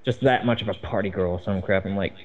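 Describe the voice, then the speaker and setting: A man's voice: lowish voice, fast. Sarcastic man on a dull lo-fi mic. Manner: dry, sarcastic, rambling with fillers. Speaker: co-host reviewing a cartoon. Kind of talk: sarcastic commentary chat.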